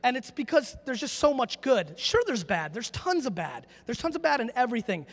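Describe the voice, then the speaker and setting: A man's voice: extremely high pitch, sing-song, a little fast. A man giving a live conference talk and answering audience questions, brash, emphatic and full of profanity. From United States. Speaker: conference speaker. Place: large conference hall. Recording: long reverb from a conference hall.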